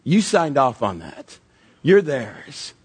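A man's voice: mid-range voice, slow pace, breathy edge. A middle-aged man preaching a sermon as pastor, telling stories and acting out voices as he goes. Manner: animated storytelling with acted-out voices.

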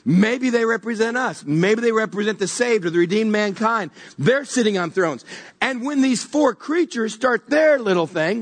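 A man with a husky, breathy voice set high for a man preaches in a relaxed, conversational way. He is animated and often repeats words as he searches for the right image. It sounds like an everyday sermon talk. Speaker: pastor.

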